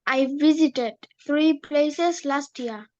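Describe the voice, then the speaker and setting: A woman's voice: sits high, slow pace, darkish tone, lo-fi sound. A woman studying English, answering drill questions in careful full sentences. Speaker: English student.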